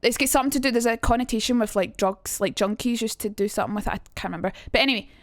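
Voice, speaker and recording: A woman's voice: a little high, racing, no echo, studio quality. A young woman chatting casually on a live stream, rambling and cutting herself off. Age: young adult. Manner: chatty, rambling, self-interrupting.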